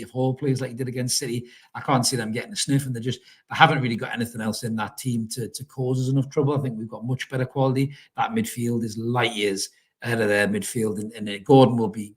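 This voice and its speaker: A man's voice: medium pitch, fairly bright tone. Chatty man swearing freely. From North East England. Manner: chatty, swears freely, calls listeners mate. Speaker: fan channel host reading live chat. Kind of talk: casual live stream chat.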